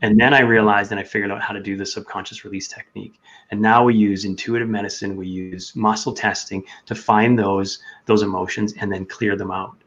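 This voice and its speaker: A man's voice: on the low side, level tone, fairly quick, fairly bright tone. A man telling his story earnestly as a podcast guest, sometimes acting out his own inner voice. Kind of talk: casual chat. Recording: dull lo-fi sound.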